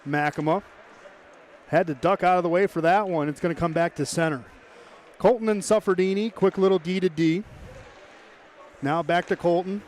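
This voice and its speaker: A man calling live hockey play-by-play, brisk and chatty, tossing in joking asides. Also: high-pitched, fairly even intonation, darkish tone, slight background noise. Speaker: play-by-play commentator.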